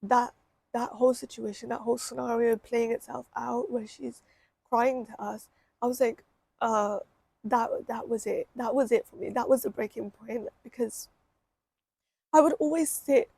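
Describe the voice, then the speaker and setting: Young woman vlogger, candid and emotional, husky mellow voice, creaky edges, dry close sound. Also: on the high side, fairly even intonation, normal speed, no echo. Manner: emotional, candid, repeats herself. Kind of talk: personal storytime vlog.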